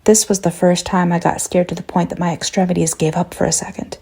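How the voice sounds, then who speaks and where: Woman reading a creepy first person horror story, low dark voice, gravelly. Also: level tone, fast talker.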